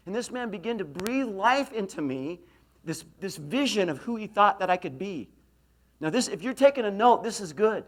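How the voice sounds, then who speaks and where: With lively intonation and a high-pitched voice at normal speed, a middle-aged motivational speaker from Idaho lectures university students. He tells self-deprecating anecdotes and throws questions out to the room.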